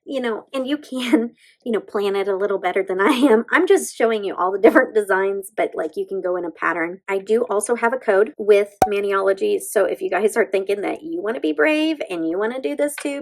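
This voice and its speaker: A woman's voice: medium pitch, a little mellow, poor audio. A woman, chatting casually through a nail stamping tutorial and gushing to her viewers as she works. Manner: bubbly, gushing, talks to viewers as "you guys". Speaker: beauty vlogger.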